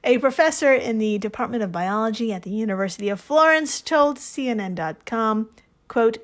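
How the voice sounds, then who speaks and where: A woman co-hosting a casual podcast, her voice sitting a little high. She talks in a chatty, wry way and laughs often between points. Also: expressive, normal speed. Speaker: podcast co-host. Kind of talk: casual chat.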